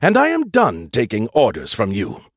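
A man's voice: a little high, wildly swooping pitch, takes it slowly, a bit bright, breathy edge, dry recording, clean studio sound, pitched above the performer's own voice, heavily acted. A man voicing a boastful male artificial intelligence living in a metal canister, in a raised, grandiose voice. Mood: defiant. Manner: grandiose, defiant. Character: cocky boastful male AI in a can.

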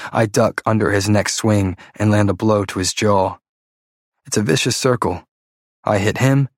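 Brief: low-pitched male narrator, tense dramatic first-person read, dry booth sound. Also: dry recording. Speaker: audiobook narrator.

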